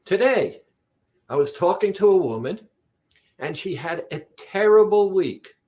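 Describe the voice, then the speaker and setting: A man talking as a weight-loss coach, slowly and deliberately retelling a conversation with a client. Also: high voice, lively intonation, darkish tone. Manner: slow, deliberate, retells conversations with quoted dialogue. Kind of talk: reflective monologue.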